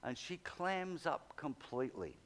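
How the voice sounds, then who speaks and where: A man's voice: on the high side, a little slow. A man telling a story from the pulpit. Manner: animated anecdote, acts out quoted people. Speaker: preacher. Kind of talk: sermon storytelling.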